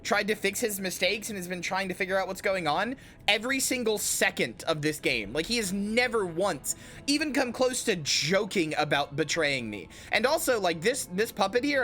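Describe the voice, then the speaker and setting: A man's voice: high voice, lively intonation, normal speed, pushed and bright, slight background noise. A game streamer doing casual livestream commentary, playful and rambling, often addressing his chat. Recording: faint music behind.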